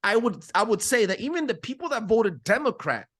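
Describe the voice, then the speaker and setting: Fast-talking profane podcast host. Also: male voice, sits high, breathy edge. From California. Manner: profane, emphatic, animated storytelling. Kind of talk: casual chat.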